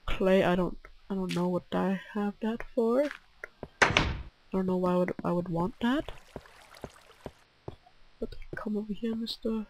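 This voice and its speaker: Slow-talking teen boy with bronchitis. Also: high-pitched, fairly even intonation, noisy background. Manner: mumbling, reads signs aloud, sudden yelps. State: has bronchitis. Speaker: gaming channel host. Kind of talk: casual game commentary.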